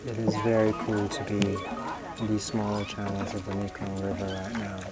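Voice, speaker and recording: A man's voice: on the low side, monotone, moderate pace, loud music behind the voice, poor audio. A man filming a casual travel vlog outdoors along a river, talking loosely to the camera with lots of fillers and restarts. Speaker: travel vlogger.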